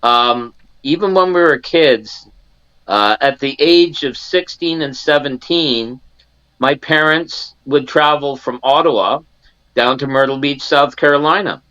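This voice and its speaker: A man's voice: mid-range voice, unhurried, bright, forceful tone, clean tone, dry recording, poor audio. A man in his sixties from Canada, a guest in an interview, telling a personal story and acting out the family members he quotes, with many restarts. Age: 60s.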